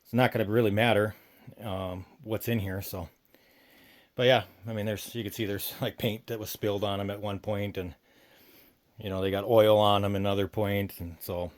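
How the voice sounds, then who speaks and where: Guy with a lowish voice, bit winded, rambling on about his shed build, lots of ums. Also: flat delivery, normal speed. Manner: rambling, thinks aloud with fillers. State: a little winded. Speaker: homesteading channel host. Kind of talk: casual DIY walkthrough. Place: woodshed under construction, outdoors.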